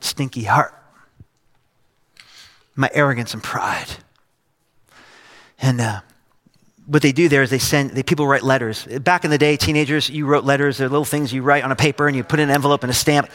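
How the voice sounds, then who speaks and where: A man's voice: medium pitch, a bit bright, in a large hall. A middle-aged male pastor preaching a sermon, telling a personal story with acted quotes. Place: church stage.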